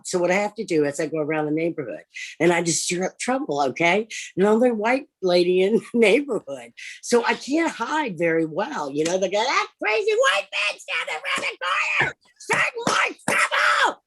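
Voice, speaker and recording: A woman doing improvised stand-up on a livestream, brash and profane, swinging from loud outbursts to low mutters. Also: breathy edge. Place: home, over a livestream.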